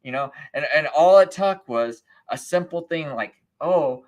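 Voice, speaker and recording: A man's voice: fairly high pitch, lively intonation, normal speed. A man hosting a live stream, ranting in a casual, sarcastic and scornful way, often slipping into mocking impressions of other people. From United States. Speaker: livestream host.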